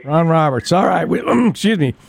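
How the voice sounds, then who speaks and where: A man's voice: fairly high pitch, expressive, moderate pace, gravelly, a little hiss or hum. A man hosting a local radio morning show, reading the weather and ads and chatting with callers in a folksy, rambling way. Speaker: radio host.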